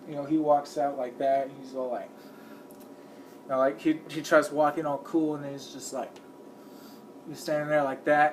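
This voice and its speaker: A man with a somewhat high voice rambles through casual commentary, leaning on fillers. He breaks into quick impressions of the people he talks about. A faint hum of noise sits behind him. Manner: acts out the people he describes. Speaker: video creator.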